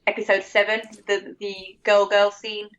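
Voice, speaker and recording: A woman's voice: mid-range voice, completely flat delivery, unhurried, fairly bright tone, dull audio. A British woman talking casually as a podcast guest, chatty and laughing often, acting out little quotes. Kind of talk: casual chat.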